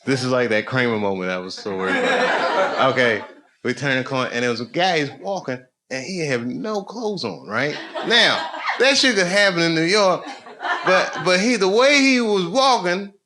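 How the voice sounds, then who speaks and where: A man in his thirties with an American accent, doing stand-up storytelling on a club stage. He often laughs at his own stories, and his voice jumps up when he gets excited. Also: high voice. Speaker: stand-up comedian. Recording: noisy live recording.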